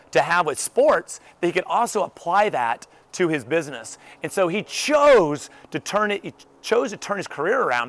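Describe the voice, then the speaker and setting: A man's voice: fairly high pitch, a bit bright. A man giving an upbeat motivational talk, emphatic and conversational, often saying "you know". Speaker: motivational speaker.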